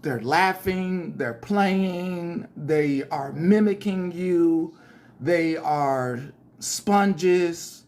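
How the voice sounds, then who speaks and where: A pastor hosting a casual livestream news show, talking to viewers in chat in a chatty, hesitant way with many fillers. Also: medium pitch.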